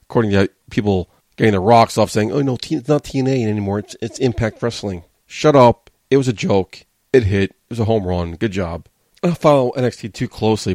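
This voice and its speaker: A man's voice: fairly low pitch, a little mellow, no room sound, studio quality. A man hosting a wrestling podcast, giving a blunt, sarcastic, casual review and swearing freely.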